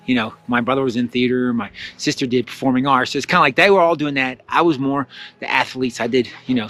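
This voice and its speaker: A man teaching spiritual self-help in a casual, storytelling way, chatty and animated, with lots of fillers and acted-out asides. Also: mid-range voice. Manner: chatty and animated, with many fillers and acted-out quotes of his own thoughts.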